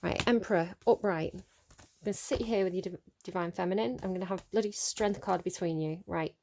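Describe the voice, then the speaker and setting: A woman giving a casual spoken tarot reading, chatty and animated, with lots of fillers and mild swearing as she scolds the cards. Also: fairly low pitch, a little fast, a little hiss or hum. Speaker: tarot reader.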